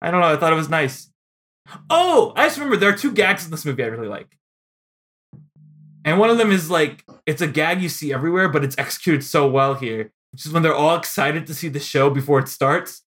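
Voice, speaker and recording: A man co-hosting a podcast, chatting casually about old movies with lots of fillers and quick laughs. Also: fairly high pitch, animated, a bit bright. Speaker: podcast co-host. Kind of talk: casual film discussion.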